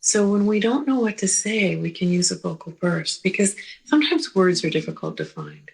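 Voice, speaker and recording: A woman clinician giving a slow, gentle teaching talk, pausing often and checking in with the listener. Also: on the low side, lively intonation, creaky, husky, poor audio. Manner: slow, gentle, with pauses and repeated "right?".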